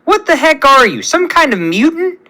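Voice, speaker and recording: A man reading as a cocky young hero who is lonely underneath, from a fan story. The voice is bright and bounces up and down, chatty and pleading by turns. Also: very high-pitched, very animated, moderate pace, pitched above the performer's own voice, full character voice. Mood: excited.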